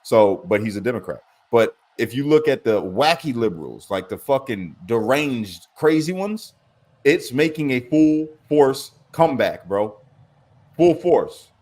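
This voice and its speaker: Man, podcast host, laid-back storyteller, tired, swears a lot, mid pitch. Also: lively intonation, unhurried, a little mellow. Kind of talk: casual storytelling chat.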